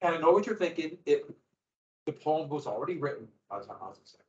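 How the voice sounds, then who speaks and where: A man teaching a history class, lecturing in an animated way with asides and acted-out quotes. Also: fairly high pitch, fast, a little hiss or hum. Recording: roomy, dull lo-fi classroom recording.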